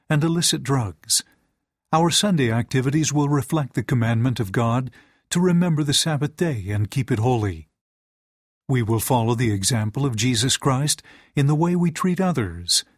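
A man reading lesson material and quotations aloud in an even, measured way. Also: medium pitch, no echo, studio quality. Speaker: reader of a teaching manual.

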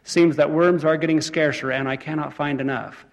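A man reciting a grumbling big white rooster in a poem, slightly lower and quieter than his own voice, with a long hall reverb. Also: steady tone, normal speed, natural voice.

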